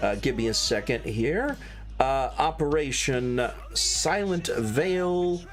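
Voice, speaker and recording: Relaxed man streaming a game, drawling. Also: medium pitch, slow, soft background music. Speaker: streamer playing a military sim game. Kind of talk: casual gaming chat with squad.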